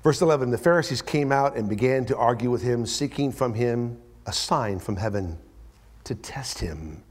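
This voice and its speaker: A man preaching a verse-by-verse sermon as pastor, dropping to hushed whispers and then rising into loud, high-pitched emphasis as he acts out the voices in the text. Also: a little fast. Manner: acts out quoted voices with strong pitch jumps. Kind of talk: expository sermon.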